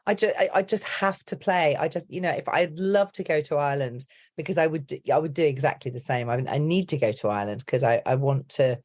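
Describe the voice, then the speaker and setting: A middle-aged woman, a coach, chatting on a podcast in a lively storytelling way. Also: low voice, brisk, hardly any pauses. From Britain. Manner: chatty, animated storyteller who slips into accent impressions. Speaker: accent and dialect coach, guest. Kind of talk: casual podcast chat.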